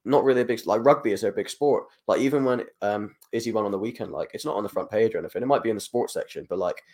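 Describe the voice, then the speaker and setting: Rambling, low-voiced man chatting quickly. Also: a little mellow. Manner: rambling, heavy on fillers like "like" and "you know". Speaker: MMA journalist. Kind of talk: casual podcast chat.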